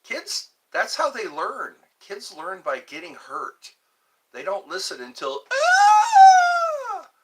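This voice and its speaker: A man's voice: on the high side, big pitch swings, takes it slowly, pushed and bright, slight background noise. A man hosting his own live stream, rambling and joking between topics, greeting viewers and now and then breaking into mock cries.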